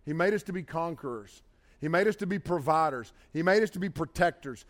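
High-voiced emphatic preacher man. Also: animated, fairly quick. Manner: folksy, emphatic preaching with Southern turns of phrase. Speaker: pastor. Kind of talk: sermon.

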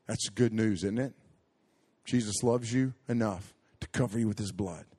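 A man's voice: lowish voice, moderate pace, dark tone, slightly rough. A male pastor delivering a sermon, speaking emphatically in rhythmic repeated phrases and addressing his listeners directly.

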